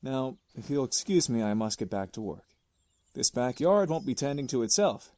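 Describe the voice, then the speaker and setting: An actor playing a gentle, thoughtful young man who tends a garden and muses softly in an unhurried way. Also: medium pitch, very animated, no echo. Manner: soft-spoken, unhurried, musing. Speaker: visual novel character.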